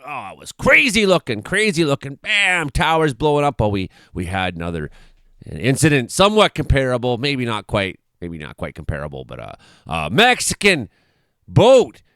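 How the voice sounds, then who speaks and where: A man's voice: medium pitch, wildly swooping pitch, moderate pace, fairly bright tone, clean tone, no echo, clean studio sound. A man in his forties, hosting an irreverent comedic news commentary with chuckles and swearing. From Canada. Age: 40s. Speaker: host.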